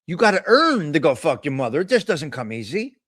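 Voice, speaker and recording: A man's voice: fairly high pitch, big pitch swings, a little fast, fairly bright tone, husky, dry recording, clean studio sound. A man hosting a casual live stream, talking bluntly with a lot of profane trash talk. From Italian American. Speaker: host.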